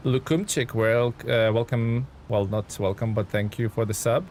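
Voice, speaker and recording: A man's voice: mid-range voice, steady tone, moderate pace, a little mellow, a little hiss or hum. A man live-streaming a truck game, chatting to viewers, thanking them and thinking aloud with ums and chuckles. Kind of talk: live gameplay stream commentary.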